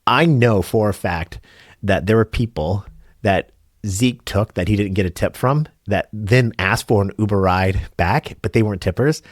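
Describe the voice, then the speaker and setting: A man's voice: lowish voice, moderate pace, dry recording, clean studio sound. A middle-aged man, a rideshare driver and channel host, sharing lessons in an earnest, rambling way, with many fillers and restarts. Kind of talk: casual reflective talk to camera.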